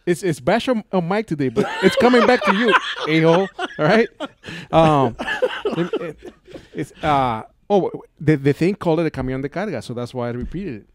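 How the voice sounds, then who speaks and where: A man's voice: on the high side, animated, moderate pace, slight background noise. Man with a Puerto Rican accent, defensive. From Puerto Rico. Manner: defensive, hesitant, mock-insulting. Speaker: radio show co-host.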